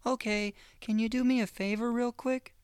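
Man putting on a sugary, fake-cheerful voice, pitched far above his own. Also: fairly even intonation, normal speed, clear, resonant tone, no echo, studio quality. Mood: chipper. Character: overly chipper fake-eager man.

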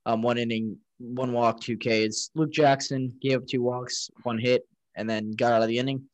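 Male sports podcast co-host, casual and rambling, average pitch, dry recording. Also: steady tone, normal speed, no room sound, poor audio. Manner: rambling, recaps stats with frequent restarts.

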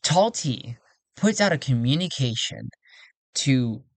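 A man's voice: mid-range voice, expressive, slow pace, no echo. A man narrating a solo tabletop role-playing game, thinking aloud as he rolls dice. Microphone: close desk microphone.

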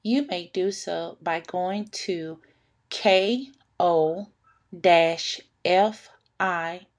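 Young woman hosting a podcast, chatty, laughing, unhurried, bright tone, dry close sound. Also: lowish voice, fairly even intonation, no echo. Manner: chatty, laughs often, addresses listeners as y'all. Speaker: podcast host. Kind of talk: casual personal podcast monologue.

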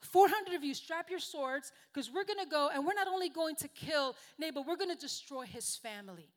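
A hot-tempered young king shouting battle orders to his men, pitched high and loud, as a woman preacher acts him out. He is fired up and barks his commands with force. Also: expressive, a little fast. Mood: angry. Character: furious young warrior king rallying men.

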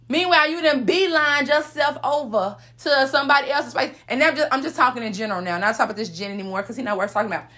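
Podcast host, woman; high-pitched, sassy, motivational preaching. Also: a bit bright. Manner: sassy, preachy, calls out to listeners with "honey" and "come on, somebody".

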